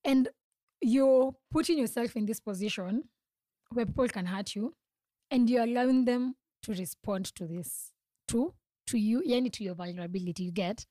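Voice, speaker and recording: A woman's voice: a little high, normal speed, warm tone, dry recording. A young woman hosts a solo podcast, talking earnestly and confidingly, often laughing and restarting her sentences. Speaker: podcast host. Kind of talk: reflective solo podcast talk.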